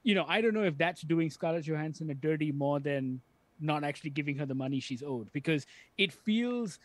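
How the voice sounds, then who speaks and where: In this casual film chat, the male podcast co-host sounds animated and on the high side, recorded with no echo. His manner is earnest and thoughtful, and he takes his time developing each point.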